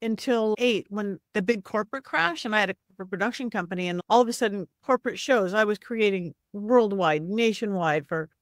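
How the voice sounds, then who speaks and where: Animated woman telling stories, dry sound. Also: medium pitch, no room sound. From Southern California. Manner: animated, acts out quoted voices, quick asides. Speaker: psychic medium guest. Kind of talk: casual storytelling interview.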